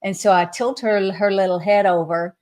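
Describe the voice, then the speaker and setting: A woman guest sharing a spiritual vision in an earnest storytelling way, often dropping to a soft, slow hush. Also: mid-range voice, fairly even intonation. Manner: soft, hushed and slowed when quoting; earnest, with fillers and restarts.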